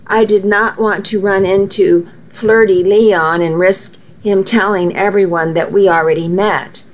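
Slow, intimate woman narrator. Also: mid-range voice, steady tone. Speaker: audiobook narrator. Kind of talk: first-person novel narration. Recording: slightly muffled lo-fi audio.

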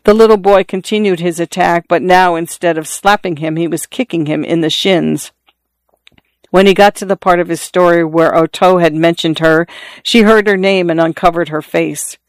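Smooth, measured audiobook narrator. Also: medium pitch, fairly even intonation, no room sound.

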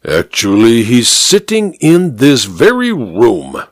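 A man voicing a blustering, snorting old army major with theatrical pauses, read in a dry storybook style. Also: a little high, big pitch swings, no echo, pitched above the performer's own voice.

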